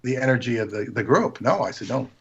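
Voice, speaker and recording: A man's voice: medium pitch, lively intonation, fast talker, slight background noise. A man on a casual livestream, telling rambling anecdotes full of restarts and quoted asides. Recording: dull lo-fi stream audio.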